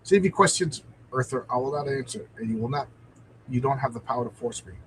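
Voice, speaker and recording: A man's voice: mid-range voice, expressive, brisk, background noise, natural voice. A man voicing a haughty, menacing male alien warrior from a comic book, in stiff, formal speech. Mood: scornful.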